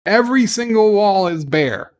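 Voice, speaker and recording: His voice is high, with lively intonation and a moderate pace. He hosts an easygoing live watch-along, loosely narrating what happens on screen with many "uh" and "like" fillers and briefly replying to chat.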